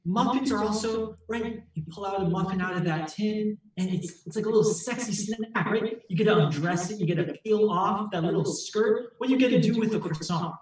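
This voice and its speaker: A man's voice: high-pitched, a little fast, hardly any pauses. A man doing improv comedy as a mock lawyer, making a theatrical, persuasive closing argument. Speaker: improv performer arguing for muffins. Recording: echoey room, far from mic.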